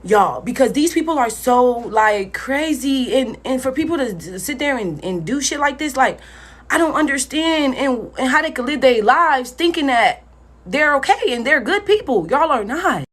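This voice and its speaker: Husky young woman, lively storytime voice. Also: high voice, moderate pace. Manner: blunt and profane, talks straight to viewers. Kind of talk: casual storytime vlog.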